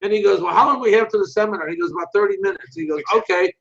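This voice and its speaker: An older man telling lively, animated anecdotes as an interview guest, acting out other people's voices and swearing freely. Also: sits high, very fast, vocal fry. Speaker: interview guest, martial arts instructor. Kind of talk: casual storytelling. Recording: muffled lo-fi recording.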